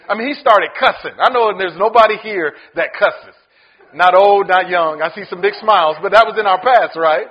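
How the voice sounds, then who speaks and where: A pastor preaching with a high, lively voice that swoops up and down. He acts out the people in the story as he goes. The recording sounds dull and lo-fi. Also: husky. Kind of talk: sermon.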